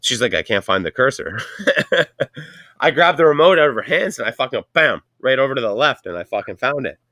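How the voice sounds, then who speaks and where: A man's voice: mid-range voice, expressive, fairly quick, sharp tone, no room sound, clean studio sound. A man with a Canadian accent hosting a casual chat, telling a rambling story full of profanity. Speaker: podcast host.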